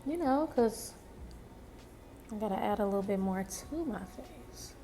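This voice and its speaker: Chatty, slow-talking young woman vlogger. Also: medium pitch, lively intonation, dark tone, soft background music. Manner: chatty, talks to viewers and herself, drawn-out exclamations. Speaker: beauty vlogger. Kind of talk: casual makeup talk-through.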